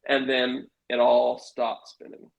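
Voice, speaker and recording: A middle-aged man telling a wild personal story in casual conversation, animated and acting out the voices of the people in it. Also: medium pitch, slow pace, gravelly, lo-fi sound. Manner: animated, swearing, acts out quoted voices. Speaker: guest telling a life story.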